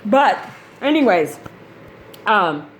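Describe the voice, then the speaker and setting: A woman's voice: medium pitch, very animated, very slow, a little hiss or hum. A woman, a mother of grown kids, chatting in a rambling, casual vlog style about gaming gear, laughing often. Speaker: gaming channel host.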